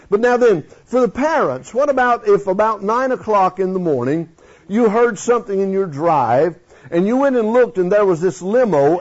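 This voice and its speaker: Folksy high-voiced preacher man. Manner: folksy and animated, questioning the congregation. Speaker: pastor. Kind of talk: sermon. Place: church sanctuary. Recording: dull lo-fi sound.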